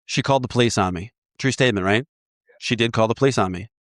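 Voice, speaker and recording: A man sponsoring in a recovery program, walking a listener through an inventory in a lively, joking way with frequent laughter. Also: medium pitch, fast, no room sound, clean studio sound. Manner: animated, laughs often, acts out voices. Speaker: AA sponsor guiding a step inventory. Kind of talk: casual teaching talk.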